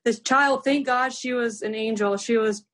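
A woman's voice: a little high, normal speed. A young adult woman, a podcast guest, casually telling a story and acting out the dialogue, with lots of "like". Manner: animated, acts out dialogue with filler "like".

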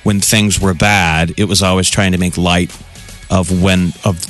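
A man's voice: low voice, little pitch movement, a little slow, a bit bright, faint music behind. A man from Nebraska, a podcast co-host, telling a chatty travel story in casual conversation. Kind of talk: casual chat.

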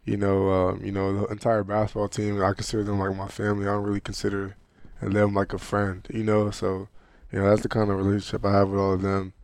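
A young college basketball player speaks in a low, fairly monotone voice, answering questions softly and leaning on filler words. The recording is close and dry, with no room sound. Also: male voice, fast talker, smooth, no echo. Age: young adult. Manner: soft-spoken, heavy on "you know" fillers. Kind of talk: casual interview answers.

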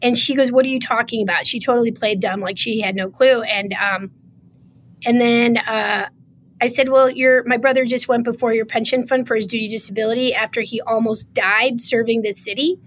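Woman, podcast guest, emotional, slightly high voice, animated storytelling. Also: normal speed, slight background noise. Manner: animated, acts out quoted dialogue. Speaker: podcast guest, state official. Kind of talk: conversational storytelling.

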